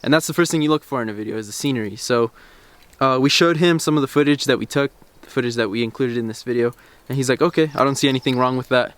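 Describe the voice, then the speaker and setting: Standing by parked cars outdoors, this young car vlog host talks quickly in a mid-range voice, casually recounting what happened and performing snippets of quoted dialogue. His manner is easygoing and conversational. The recording, made on a camera-mounted shotgun mic, is dry.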